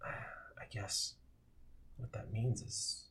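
A man voicing a quiet, gentle young male ghost who speaks haltingly. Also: on the low side. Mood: hesitant. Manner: hesitant, halting speech.

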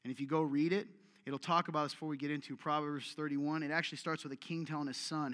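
Bright, forceful male preacher in hall. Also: on the high side, steady tone, fast talker. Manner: exhortative, direct, repeats commands for emphasis. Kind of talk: sermon. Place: church meeting room with audience.

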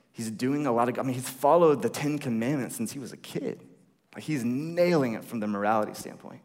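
A young man preaching a sermon in a laid-back, chatty way, with many restarts and asides, often checking in with "right?". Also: mid-range voice. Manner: relaxed, chatty, repeats words and restarts, asks "right?". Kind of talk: casual conversational sermon. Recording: long reverb of a hall.

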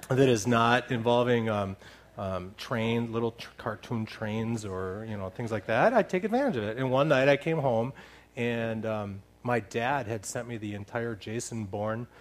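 A middle-aged man telling a humorous story to a church congregation, animated and laughing as he talks. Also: lowish voice, slight background noise. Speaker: church leader sharing a story.

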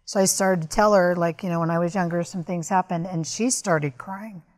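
A woman's voice: on the low side, fairly even intonation, normal speed, a little mellow. A woman guest on a podcast, candidly and earnestly recounting a personal story.

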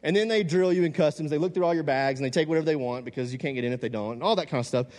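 A man from Louisiana, USA, with a slightly high voice, tells jokey stories to an audience at a racing pace, as if preaching. He's animated and acts out quoted voices. Lots of long hall reverb echoes around him.

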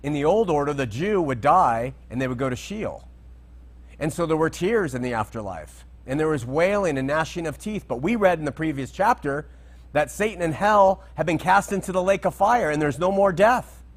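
A man's voice: fairly high pitch, expressive, normal speed. A man giving an unscripted Bible teaching talk, conversational and digressive, checking that listeners follow.

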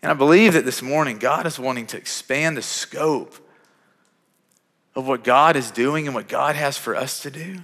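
A man preaches a sermon and tells a story as he goes. He talks in a conversational way, stumbling over repeated words and then rising to emphatic peaks. His voice sits at a medium pitch and carries a long church-hall reverb. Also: normal speed. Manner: conversational, repeats words when starting phrases, builds to louder emphatic peaks. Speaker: pastor. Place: church sanctuary.

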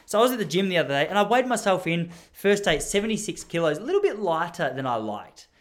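A man's voice: sits high, big pitch swings, quick pace. A young man with an Australian accent telling a comic story in a rambling, self-mocking way, as a podcast host.

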